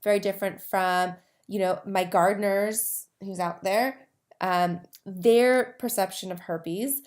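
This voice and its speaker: She takes it slowly, her mid-range voice fairly even in intonation, as she hosts her herpes advocacy podcast. Talking casually to camera, she wanders off on asides and often starts over.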